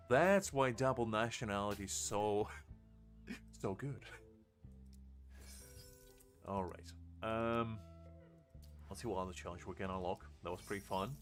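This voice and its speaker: A young man in his twenties with a British accent, chatting casually and joking while streaming a game. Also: lowish voice. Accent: British English. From Ukraine. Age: 20s. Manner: rambling, joking, laughs often. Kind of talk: casual live-stream chat.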